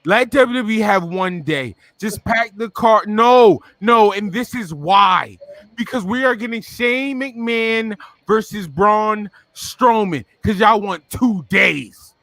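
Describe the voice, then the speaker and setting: Man ranting loudly about wrestling. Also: sits high, no echo. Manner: animated ranting, frequent shouting. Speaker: podcast co-host. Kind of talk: casual wrestling chat.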